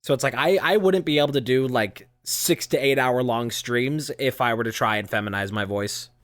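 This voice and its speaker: A podcast co-host and streamer in casual chat, speaking in a relaxed, untensed chest voice. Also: medium pitch, moderate pace, no echo.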